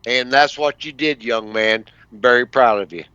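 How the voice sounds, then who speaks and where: A man's voice: mid-range voice, normal speed, bright, forceful tone, clear, resonant tone, no echo. A middle-aged man and army veteran, a plain-spoken guest in casual chat who talks in a fatherly way. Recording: dull, dry recording.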